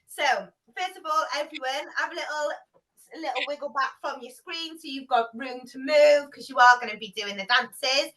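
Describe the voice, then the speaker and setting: A woman's voice: high voice, moderate pace, pushed and bright, recorded from a distance, poor audio. A woman leading an online camp training on a video call, bubbly and encouraging as she leads the singing and dancing.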